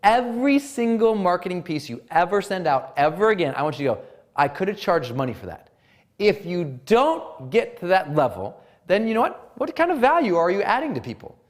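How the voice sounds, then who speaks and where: A man from Montana coaches experts on marketing, his voice swooping up and down as he pushes each point. His slightly high voice stays emphatic, almost singing the lines. He speaks like an instructor giving a pep talk. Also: a little fast, few pauses. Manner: animated, sing-song emphatic delivery.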